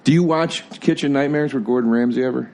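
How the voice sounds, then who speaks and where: A man's voice: mid-range voice, fast talker, darkish tone. A man co-hosting a podcast, talking in emphatic, profane casual chat. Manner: profane, emphatic, says "dude" a lot. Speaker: podcast co-host.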